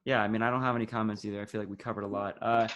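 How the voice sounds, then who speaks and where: A man's voice: on the low side, little pitch movement, very fast, lo-fi sound, a crowd in the background. A teenage young man co-hosting a casual sports podcast over a video call, running a quiz and teasing his friends. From United States. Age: teens. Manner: teasing, upbeat, runs the quiz. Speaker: podcast co-host and quizmaster.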